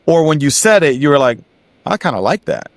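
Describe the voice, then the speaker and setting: A man's voice: a little high, very animated, a little fast, no echo. A man hosting an interview show, asking questions in an encouraging, conversational way. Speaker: podcast host.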